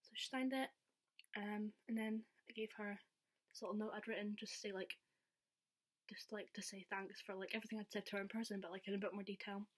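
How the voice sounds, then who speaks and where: A woman's voice: mid-range voice, steady tone, fairly quick. Young woman vlogger, chatty and giggly, casual storytelling. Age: young adult. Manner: chatty, giggly, says "like" a lot.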